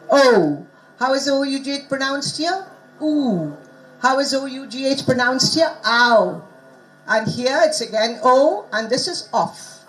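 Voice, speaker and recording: A woman's voice: sits high, a little hiss or hum, poor audio. A woman giving an academic conference lecture in a teacherly way, often asking the audience rhetorical questions. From Bengal, India. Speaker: conference speaker on language teaching.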